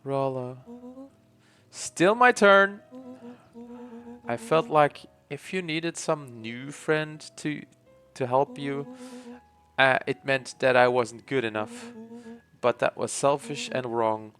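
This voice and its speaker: A man's voice: mid-range voice, slow, fairly bright tone, soft background music. A man reading the lines of an earnest, nervous young boy who halts as he apologizes. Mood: remorseful.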